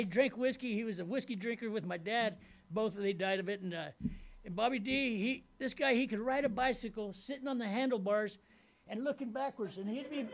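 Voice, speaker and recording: A man's voice: very high voice, vocal fry, a bit bright. A middle-aged man from Ventura County, California, giving a personal testimony as a rambling storyteller who repeats himself and keeps saying "you know what I mean". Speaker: speaker sharing his recovery story.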